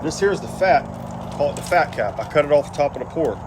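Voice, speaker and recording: A man's voice: on the high side, lively intonation, fast, noisy background. Folksy man in his fifties. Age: 50s. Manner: folksy, joking, hearty. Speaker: host of a barbecue cooking video. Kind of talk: casual cooking vlog. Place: outdoors at a grill.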